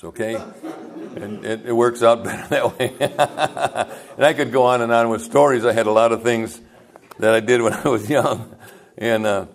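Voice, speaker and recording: An older man, a pastor, telling rambling folksy stories in a sermon and chuckling as he goes. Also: mid-range voice. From United States.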